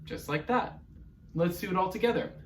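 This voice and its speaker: A man teaching an online music lesson to young children, encouraging them through vocal warm-ups. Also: sits high, moderate pace, recorded from a distance.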